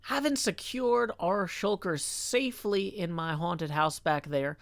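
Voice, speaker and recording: Sounding tired, a man streams a game live, casually commenting, talking to himself and reading out chat between soft muttered asides. His voice is a little high, and there's no room sound.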